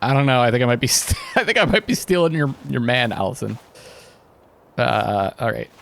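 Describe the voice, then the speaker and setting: A man's voice: mid-range voice, moderate pace, gravelly, slight background noise. A man giving casual gameplay commentary, chatty and musing aloud as he plays. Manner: chatty, muses aloud, wonders about pronunciation. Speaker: let's play host.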